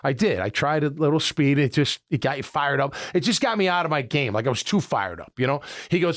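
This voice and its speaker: A middle-aged man from Illinois, a sports radio host, telling rambling, animated stories with many restarts in casual talk. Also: medium pitch, quick pace, hardly any pauses.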